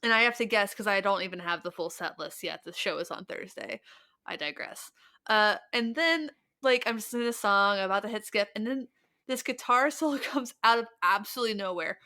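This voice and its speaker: A woman from Minnesota hosting a casual podcast with quick, joking banter. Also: mid-range voice, pushed and bright. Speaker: podcast host.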